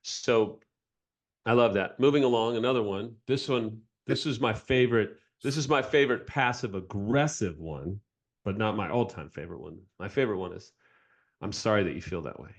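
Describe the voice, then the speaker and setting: A man's voice: fairly low pitch, normal speed. A man co-hosting a podcast, speaking earnestly and directly to his listeners. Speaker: podcast co-host. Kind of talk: podcast discussion.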